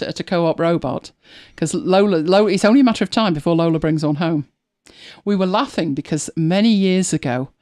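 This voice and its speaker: A woman's voice: lowish voice, darkish tone. A British woman hosting a live show in casual chat, telling rambling stories with frequent restarts and self-corrections. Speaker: host.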